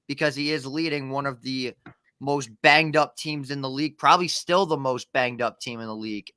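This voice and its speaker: A man's voice: mid-range voice, bright, forceful tone, smooth, no room sound, studio quality. A man appearing as a guest sports content creator on a video call, cocky and brutally frank in casual chat. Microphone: webcam on a video call.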